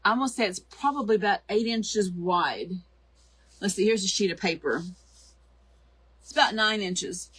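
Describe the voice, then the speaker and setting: A hoarse middle-aged woman hosts a live craft tutorial, chatting and greeting viewers by name. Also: medium pitch, animated, normal speed, pauses often, fairly bright tone, no echo. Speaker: craft show host.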